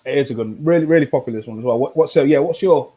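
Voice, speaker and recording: A man's voice: medium pitch, rapid-fire, slightly rough, highs cut off. Rambling man hosting a whisky tasting. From United Kingdom. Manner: relaxed, rambling, many fillers and restarts. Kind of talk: casual live tasting chat.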